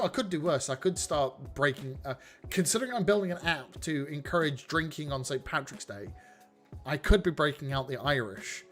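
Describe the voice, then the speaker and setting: A man hosting a casual live coding stream, rambling, chatting with viewers and poking fun at himself. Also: mid-range voice. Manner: rambling, self-mocking, talks to chat.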